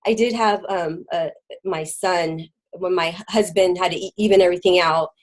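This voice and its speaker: A middle-aged woman telling her own story as an interview guest, halting, with many fillers and restarts, dropping very quiet at hard moments. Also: fairly low pitch, fairly even intonation, low-quality recording. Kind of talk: personal testimony in an interview.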